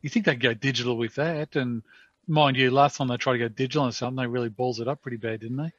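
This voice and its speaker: A co-host with a wry, teasing way of talking. The sound is dull and muffled, dry with no room echo. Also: male voice, mid-range voice, fairly even intonation, quick pace, fairly bright tone. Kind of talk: casual chat.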